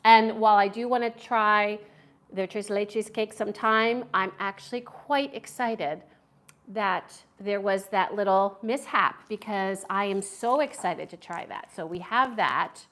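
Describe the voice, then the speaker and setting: A woman's voice: medium pitch, measured pace, fairly bright tone. A woman hosting a casual live-stream food review at home, chatty and enthusiastic as she reads viewer comments aloud. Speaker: food vlogger.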